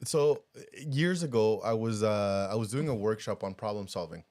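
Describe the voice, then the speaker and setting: A man co-hosting a podcast in casual chat, animated and rambling, laughing often and restarting his sentences. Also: on the low side, moderate pace, no echo. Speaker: podcast co-host.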